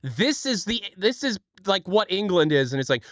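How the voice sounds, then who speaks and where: A man's voice: high-pitched, sing-song, normal speed, few pauses, fairly bright tone, dry recording, studio quality. A young man from Ohio, chatting on a livestream in a rambling, self-deprecating way. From Ohio, USA. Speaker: streamer. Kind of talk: casual livestream chat.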